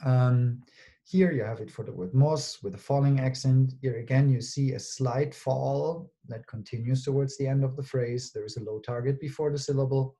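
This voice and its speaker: A man's voice: mid-range voice, moderate pace, mellow. A man presenting a linguistics conference talk, explaining step by step with frequent ums and okays. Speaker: linguistics lecturer.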